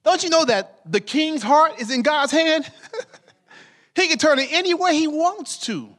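A pastor preaching a sermon in a lively, conversational way. His fairly high voice leaps up and drops low again as he calls on the saints. He keeps asking the room for an answer. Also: measured pace. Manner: lively preaching, addresses congregation as saints, call-and-response questions.

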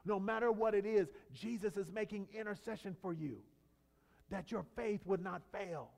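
A man preaching a sermon, swinging between loud emphatic peaks and quiet low lines, with conversational asides and stories. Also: moderate pace, creaky, in a large hall. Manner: conversational asides and storytelling with fillers and restarts. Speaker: pastor.

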